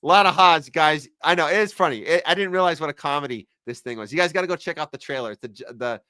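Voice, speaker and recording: A man's voice: fairly high pitch, quick pace, pushed and bright, no room sound, studio quality. A man hosting a live podcast, chatting casually and sarcastically while reading viewer comments. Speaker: podcast host.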